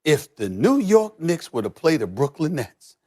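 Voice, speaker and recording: Sports debate host, man, middle-aged, high voice, bombastic and repetitive. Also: very animated, moderate pace. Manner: loud, theatrical, repeats himself, mock-emotional.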